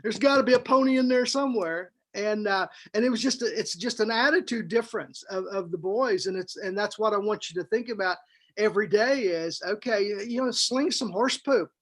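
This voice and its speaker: A man, co-host and author on a podcast, tells a story in a casual, animated way, repeating himself and adding fillers as he goes. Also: sits high, moderate pace. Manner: animated, rambling storyteller who repeats words.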